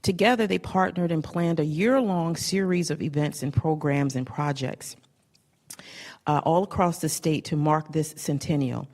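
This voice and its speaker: Warm low-voiced woman reading a tribute. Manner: effusive, gets emotional near the end. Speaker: council member presenting an award. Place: council meeting chamber.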